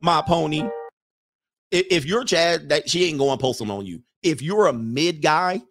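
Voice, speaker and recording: A man's voice: a little high, animated, normal speed, fairly bright tone, no echo, faint music behind. A man hosting a casual livestream, reading chat comments aloud and riffing on them in a brash, joking way, laughing often.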